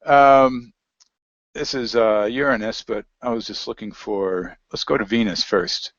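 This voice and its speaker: Sounding steady and a bit bright on the low side, this interview guest talks at a measured pace, wandering between ideas and reading web pages aloud in a loose, conversational way. His audio is dull and lo-fi, with no echo from the room.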